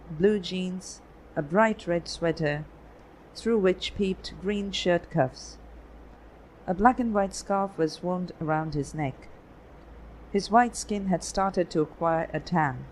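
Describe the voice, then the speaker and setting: An audiobook narrator reading a story in a steady, unhurried way. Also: mid-range voice, slight background noise, poor audio. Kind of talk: scripted narration.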